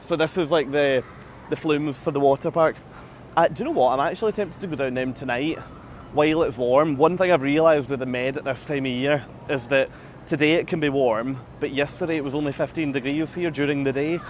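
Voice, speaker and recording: A man's voice: a little high, brisk, slight background noise. A man vlogging live from the deck of a cruise ship. He answers viewer comments in a chatty, self-deprecating way, laughs often, and is slightly out of breath. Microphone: phone camera held at arm's length.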